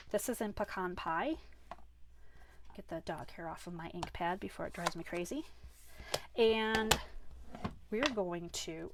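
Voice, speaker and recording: A woman's voice: fairly low pitch, a little slow, long pauses, heavy background noise. A woman hosting a live card-making class, chatty and self-deprecating, who laughs off her own mistakes as she works. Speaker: crafting class host.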